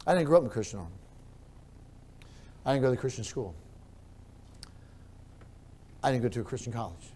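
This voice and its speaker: A male pastor preaching a sermon, repeating his phrases and moving between quiet storytelling and loud, raised preaching. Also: mid-range voice, sing-song, moderate pace, long pauses, husky.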